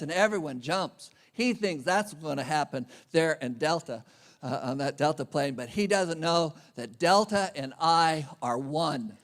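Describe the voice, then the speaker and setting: A man's voice: high-pitched, animated, normal speed, fairly bright tone. A man giving a conference speech, telling a humorous self-deprecating travel story. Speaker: conference speaker. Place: conference venue.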